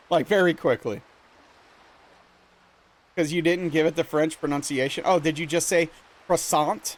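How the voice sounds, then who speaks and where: A man's voice: on the high side, expressive, takes it slowly, long pauses. A young man from Louisiana chatting casually with viewers on a livestream, reading chat aloud and answering playfully with bursts of mock outrage. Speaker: streamer.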